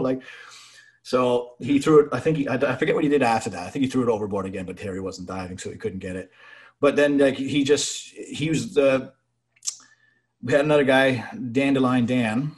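Cursing man spinning yarns. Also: mid-range voice. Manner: profane, animated storyteller. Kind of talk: casual chat.

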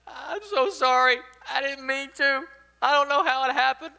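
A man's voice: extremely high pitch, normal speed, gravelly, pushed and bright, pitched above the performer's own voice, full character voice, poor audio. A man voicing a guilt-stricken eight-year-old boy who is weeping, pleading and apologizing. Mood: pleading tearful. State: tearful.

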